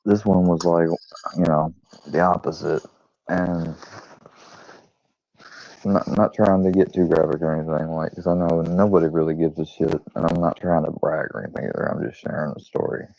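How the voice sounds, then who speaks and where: A man's voice: deep voice, fairly even intonation, moderate pace, creaky, warm tone, dry recording. A man hosting his own channel, telling a rambling, profane, self-deprecating story in casual chat. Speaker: channel host. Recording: dull lo-fi recording.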